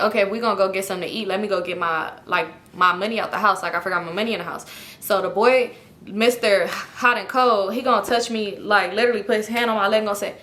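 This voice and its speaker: A young adult woman casually telling a personal story, animated and profane, acting out the people she quotes. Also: medium pitch. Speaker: storytime vlogger.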